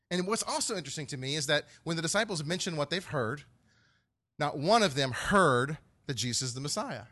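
A man preaching a sermon in an animated way, often acting out quotes in playful voices. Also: a little high. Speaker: pastor.

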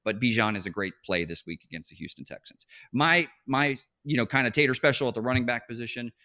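Bright-voiced animated sports podcast host. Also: male voice, medium pitch, fast talker. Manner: animated, restarts often, laughs while talking. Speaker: fantasy football podcast host. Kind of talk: casual sports chat.

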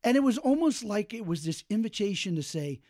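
A man, a podcast host, telling a casual and lively story about watching a film, acting out quotes with lots of fillers. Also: high voice, brisk, no echo, clean studio sound. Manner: animated, acts out quotes, many fillers.

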